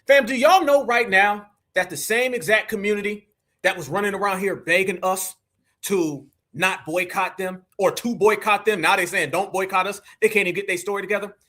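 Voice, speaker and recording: A man hosts a live stream in a fiery, preachy tone full of slang. His voice sits high and rings bright and sharp. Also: normal speed. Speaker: livestream host.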